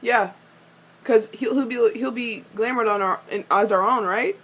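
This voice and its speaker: A young woman giving a casual fan recap of a TV episode, gushing and ranting at the characters, swearing freely and laughing often. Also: moderate pace. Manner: excitable, swears a lot, gushes and rants at characters; laughs often, squeals high when excited. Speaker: fan reviewer reacting to a TV episode.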